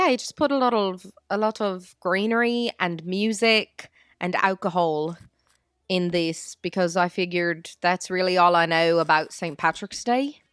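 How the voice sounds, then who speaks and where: Lady putting on a jokey irish accent, rambly and playful, smooth lowish voice. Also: fairly bright tone, no room sound, clean studio sound. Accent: put-on Irish. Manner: playful, self-mocking, rambling. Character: the woman herself in a mock Irish accent.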